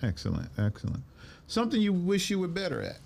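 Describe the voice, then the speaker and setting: A man hosting a casual interview, throwing in quick affirmations and playful questions. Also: sits high, huge pitch swings, gravelly, darkish tone. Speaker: podcast host.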